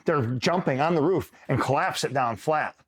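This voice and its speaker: A man's voice: on the high side, moderate pace, husky. A man from upstate New York, a retired Marine, telling a rambling war-buddy story in a casual, profane way and checking in with the listener often. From upstate New York, USA. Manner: rambling, swears freely, keeps checking in with the listener. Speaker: retired Marine, interview guest.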